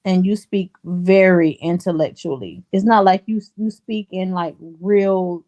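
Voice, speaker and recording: A woman's voice: lowish voice, a little slow, dark tone, dull audio. Reassuring woman in casual chat.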